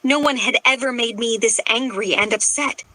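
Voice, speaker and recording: Bright-voiced woman reading an audiobook. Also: fairly high pitch, normal speed, no room sound, poor audio. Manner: emotional, dramatic storytelling. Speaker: audiobook narrator. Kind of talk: first-person scripted narration.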